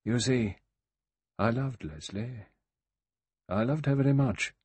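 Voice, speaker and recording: A man over sixty voicing a quiet, grave old male general who speaks gently and slowly. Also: medium pitch, husky, no echo. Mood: tender. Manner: gentle, slow, musing.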